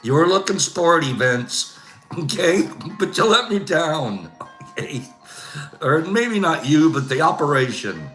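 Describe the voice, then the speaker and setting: An older man hosts a casual livestream, telling rambling complaint stories, laughing often, and habitually tossing in "Okay?". His voice sits on the high side, very animated and fairly bright, delivered at a measured pace. The room is echoey, with soft music playing in the background.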